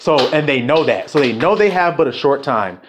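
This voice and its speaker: A man delivering a fiery, profane sermon, swinging from low mutters to shouts. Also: lively intonation, fairly quick, a little hiss or hum. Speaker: self-styled preacher. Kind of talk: fiery street-style sermon.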